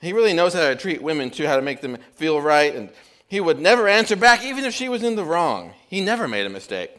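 Figure: chatty male cab driver, as a man puts him on. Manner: gushing, rambling, high-pitched and loud. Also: big pitch swings, fast talker.

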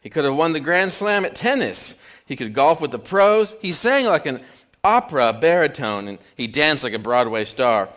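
Figure: chatty male cab driver, as a man puts him on. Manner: gushing, rambling, high-pitched and loud. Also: very animated, moderate pace.

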